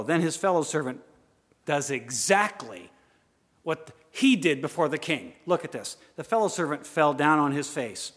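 A man preaching a sermon, swinging from loud urging to hushed asides. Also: mid-range voice, lively intonation, normal speed. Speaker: pastor. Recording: long hall reverb.

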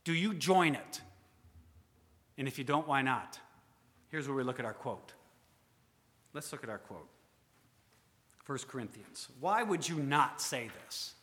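A man preaching a sermon, asking the congregation rhetorical questions, rising to loud emphasis and then dropping to quiet asides. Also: mid-range voice, animated, a little slow, long pauses. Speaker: pastor. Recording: long hall reverb.

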